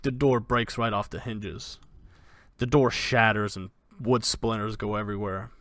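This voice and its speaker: A man's voice: lowish voice, moderate pace, a bit bright, no echo. A man narrating as the dungeon master of a tabletop game, in loose, vivid narration full of fillers.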